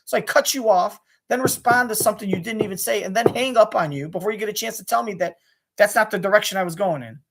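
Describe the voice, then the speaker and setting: A young man venting to camera about sports radio hosts, his talk fast and restless. He swears freely and trips over his own sentences as he pushes to get every point out. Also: high-pitched, vocal fry, fairly bright tone. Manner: rapid, restless, with many restarts and swearing. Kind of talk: angry profane rant to camera.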